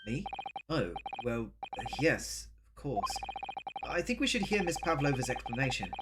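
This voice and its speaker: A woman's voice: rumbling low, big pitch swings, measured pace, heavy background noise, full character voice. A woman voicing a flustered young man. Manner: flustered, unsure. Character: earnest young Japanese male defendant.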